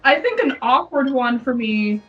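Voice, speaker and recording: A young woman co-hosts a casual podcast, rambling, giggling, and often breaking into laughter as she chats. Her high voice swings widely in pitch at a moderate pace. She sounds far from the mic, with dull lo-fi off-mic sound and faint music.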